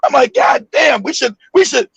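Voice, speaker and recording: A man telling a story in casual chat, animated and swearing often, acting out the voices in his story and shouting the quotes. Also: very high voice, normal speed, vocal fry, dry recording, low-quality recording. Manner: swears freely, laughs often.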